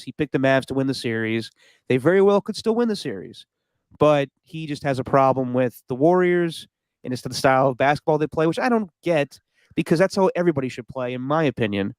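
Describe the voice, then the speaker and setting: A man's voice: medium pitch, animated, brisk, clear, resonant tone, no echo. A man co-hosting a podcast, giving his opinions in casual sports chat and laughing often. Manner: opinionated, laughs often, does mock impressions. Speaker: podcast co-host.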